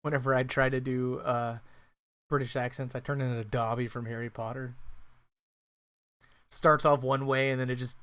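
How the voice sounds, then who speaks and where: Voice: medium pitch, flat delivery, normal speed, pauses often, fairly bright tone, smooth. A podcast co-host chatting casually about a horror movie, rambling with lots of fillers and restarts, swearing freely and laughing often.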